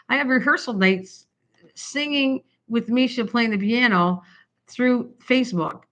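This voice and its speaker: Chatty older woman with a bright voice. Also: on the high side, measured pace. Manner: chatty, rambling, often laughing. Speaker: craft livestream host. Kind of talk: rambling casual livestream chat. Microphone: built-in camera mic.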